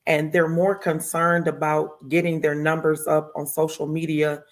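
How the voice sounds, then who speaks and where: A woman's voice: deep voice, flat delivery, a little slow. A woman hosting a talk show, chatting casually and reading out viewer comments. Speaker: host.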